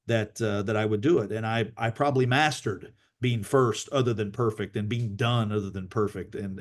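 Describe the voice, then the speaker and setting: Male call host, mid pitch, casual motivational storyteller, repeats and restarts a lot.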